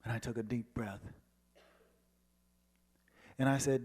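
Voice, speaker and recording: A man giving a personal testimony as a guest speaker, telling his story and acting out the dialogue, moving from hushed passages to soaring ones. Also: medium pitch, steady tone, slow pace, slightly rough. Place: church sanctuary. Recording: long hall reverb.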